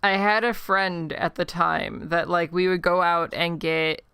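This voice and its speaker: A woman's voice: lowish voice, fairly even intonation, sharp tone, clean tone, no room sound, clean studio sound. A woman from Chicago with a Chicago accent, chatting casually and rambling into a desk mic while livestreaming a game. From Chicago, United States. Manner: chatty and rambling, quick self-mocking asides. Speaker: streamer. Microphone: desk microphone.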